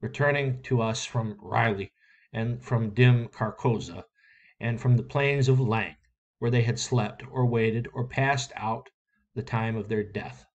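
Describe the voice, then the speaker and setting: A man reading a short story aloud in a steady, measured way. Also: medium pitch, lo-fi sound. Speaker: reader.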